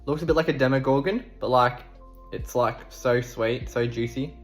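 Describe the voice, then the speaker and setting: A young Australian man talking casually to the camera, chatty and relaxed, with an ordinary mid-range voice. Soft music plays faintly under him. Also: medium pitch, normal speed. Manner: upbeat, chatty, laid-back. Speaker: fitness vlogger. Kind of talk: casual vlog chat and training explanation.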